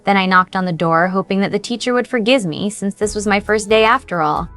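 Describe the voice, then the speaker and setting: A woman narrates a first-person story in a steady, even read. Her voice sits in a middle register, and faint music plays underneath. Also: mid-range voice, a little fast.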